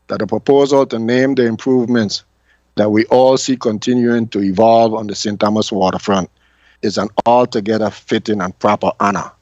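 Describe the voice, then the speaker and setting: A man with a lowish voice reads prepared testimony in a measured, formal way. The audio is dull and dry, with a lo-fi quality. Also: a little mellow, no room sound.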